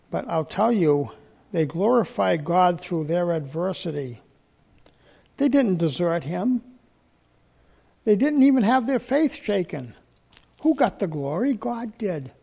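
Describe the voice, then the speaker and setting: A man with a high, gravelly voice preaches a folksy sermon. His tone is mellow and unhurried, and he tells homespun stories, repeating key lines and slowing down to hammer them home. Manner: homespun, repetitive, slows for emphasis.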